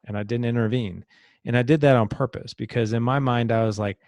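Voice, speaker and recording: A man's voice: mid-range voice, fairly even intonation, brisk, darkish tone, no echo, clean studio sound. A middle-aged man, a podcast guest, telling a personal story in an earnest, reflective way and sometimes repeating words as he thinks. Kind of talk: conversational storytelling.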